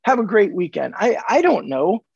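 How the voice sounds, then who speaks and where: A man from California, a sales coach on a podcast, telling animated stories and acting out the dialogue. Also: high voice, moderate pace, gravelly, slightly rough, dry recording. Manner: animated, acts out dialogue in anecdotes. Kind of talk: conversational storytelling. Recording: dull dry lo-fi audio.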